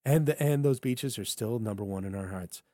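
A man co-hosting a podcast in casual political banter, animated and jokey, slipping into funny voices for quotes. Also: lowish voice, moderate pace, no echo. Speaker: podcast co-host.

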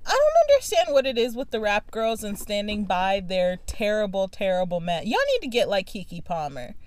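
A woman's voice: medium pitch, very animated, normal speed, darkish tone, dry recording. A young woman co-hosting a podcast, chatting and gossiping casually with many fillers and restarts. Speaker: podcast co-host. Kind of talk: casual chat.

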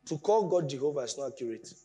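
A man preaching a sermon, explaining with lively emphasis that rises from quiet asides to raised points. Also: medium pitch, quick pace, a little hiss or hum.

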